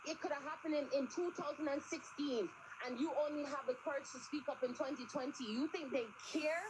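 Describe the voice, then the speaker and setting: A young woman with a high voice argues hard and with feeling, pressing each point as she fights back tears. The audio is a noisy live stream with clear hiss behind her. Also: fairly even intonation, fairly quick. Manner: impassioned, emphatic, near tears. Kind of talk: heated live discussion.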